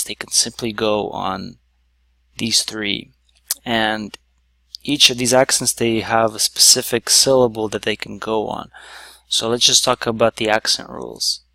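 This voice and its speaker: A man teaching a whiteboard lesson, explaining slowly step by step with many "so"s. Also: lowish voice, creaky, pushed and bright, dry recording. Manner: slow, stepwise explaining with many "so"s.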